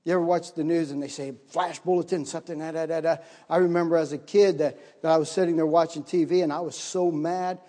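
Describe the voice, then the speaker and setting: A middle-aged man preaching with a fairly high voice that leaps higher as he acts out moments of panic. His lively storytelling rings out with a long reverb that fills the hall around him. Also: fast talker, few pauses. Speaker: missionary pastor. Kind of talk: sermon with storytelling.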